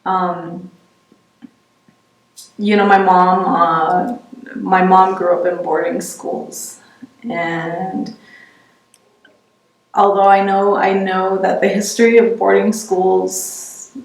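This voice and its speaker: A middle-aged woman giving an oral history interview, reflective and halting, often restarting her sentences. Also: mid-range voice, level tone. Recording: roomy, distant mic.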